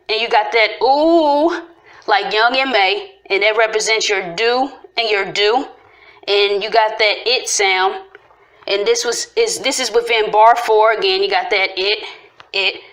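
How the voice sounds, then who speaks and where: A woman's voice: mid-range voice, a bit bright. Give me a woman casually breaking down rhyme sounds, drawing out and repeating each syllable. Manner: talks through syllables slowly, repeating and stretching sounds. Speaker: video creator explaining rhyme schemes. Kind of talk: casual explanatory walkthrough.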